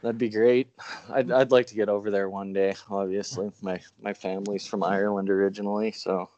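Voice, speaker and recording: A man's voice: fairly low pitch, level tone, a little fast, warm tone, no room sound, highs cut off. A Canadian man co-hosting a podcast in easygoing chat, laughing often. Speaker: podcast co-host.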